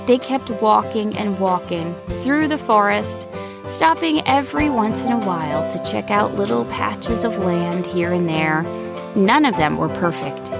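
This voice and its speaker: Slow, gravelly woman storyteller. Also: medium pitch. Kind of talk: scripted narration. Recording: soft background music.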